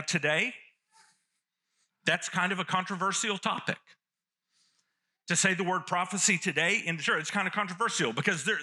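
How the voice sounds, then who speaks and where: A man's voice: sits high, bright, forceful tone. A man preaching a sermon, teaching earnestly and repeating key phrases for emphasis. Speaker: pastor.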